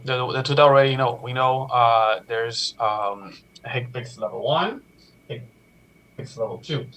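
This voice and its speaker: A man teaching medical coding in a live-streamed lecture, halting with many fillers and restarts. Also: medium pitch, sharp tone, poor audio.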